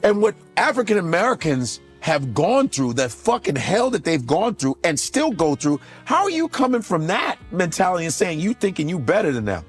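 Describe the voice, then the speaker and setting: A man in a casual podcast chat, ranting in a profane, joking, animated way. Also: high-pitched, normal speed, few pauses, faint music behind.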